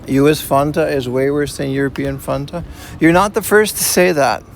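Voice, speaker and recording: Man, gravelly voice, slightly high pitch, laid-back streamer chat, walking outdoors, faint street noise. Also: steady tone, moderate pace. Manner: laid-back, chatty, says "man" and "you know" often. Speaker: IRL streamer. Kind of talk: casual live-stream chat, reading out and answering chat. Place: outdoors on city streets and at a mall. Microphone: portable streaming rig carried while walking.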